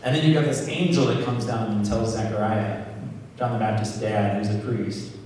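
A man giving a casual, joking sermon, full of asides and quick tag questions to the listeners. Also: on the low side, steady tone, darkish tone, a little hiss or hum. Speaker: preacher. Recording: echoey hall, distant mic.

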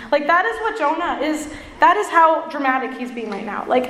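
A woman's voice: high-pitched, fairly quick, a bit bright. A woman preacher giving a sermon, earnest and self-deprecating, with playful asides. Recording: echoey hall with long reverb.

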